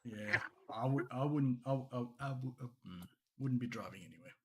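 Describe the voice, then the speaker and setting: A man's voice: medium pitch, normal speed, darkish tone, a little hiss or hum. Rambling Australian man, casual chat. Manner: rambling storyteller, laughs often. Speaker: podcast co-host.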